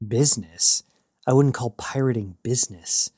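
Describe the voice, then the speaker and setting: A man reading an audiobook, voicing a broke, sarcastic woman bounty hunter with a deadpan delivery. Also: medium pitch, normal speed, breathy edge, dry recording, clean studio sound, lightly acted.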